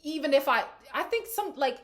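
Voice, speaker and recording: A woman's voice: sits high, animated, normal speed, fairly bright tone. A woman hosting a reality TV recap, talking casually and frankly and acting out what the cast said. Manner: candid, frank, acts out quoted lines. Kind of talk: casual reaction commentary.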